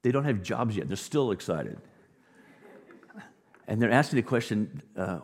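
Male pastor, sermon; low husky voice, big swings from hush to loud emphasis, reverberant hall. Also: sing-song, unhurried, long pauses. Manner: dynamic preaching, drops to a near whisper and rises to loud emphasis. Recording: long reverb of a large hall.

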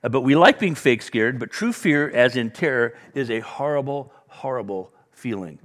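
A man's voice: medium pitch, normal speed, hardly any pauses, in a large hall. A male pastor preaching a sermon, talking conversationally and telling stories to the congregation. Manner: conversational, animated storytelling with asides to the congregation.

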